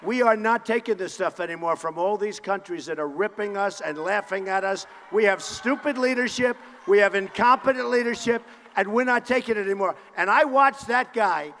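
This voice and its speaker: A man with a fairly high voice delivers a campaign rally speech from a podium microphone. He is boastful and leans on short repeated phrases, now and then breaking into a shout. His voice rings through the long echo of a large hall. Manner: boastful, repetitive punchy phrases, bursts of shouting. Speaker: political candidate at a campaign rally. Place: large indoor rally venue.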